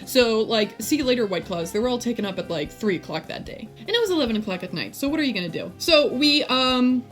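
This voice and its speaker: A young American woman telling a casual storytime vlog, jokey and animated, acting out her friends in quotes. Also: fairly high pitch, fast talker, faint music behind. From United States. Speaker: vlogger.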